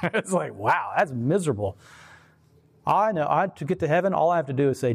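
Animated man telling faith stories. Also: a little high, a little fast, vocal fry, husky. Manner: emphatic, rambling, animated storyteller. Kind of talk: casual chat, storytelling.

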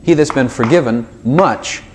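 A man's voice: medium pitch, measured pace, slight background noise. A man giving an informal sermon to a small group, talking straight to his listeners with lots of asides and little acted dialogues. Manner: animated, talks directly to listeners with frequent asides and acted dialogues. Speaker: preacher.

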